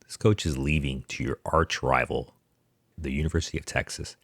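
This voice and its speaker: A man's voice: extremely low pitch, steady tone, normal speed, fairly bright tone, breathy edge, no echo. A man hosting a podcast, ranting about sports news with sarcastic disbelief. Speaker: podcast host. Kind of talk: casual sports commentary monologue.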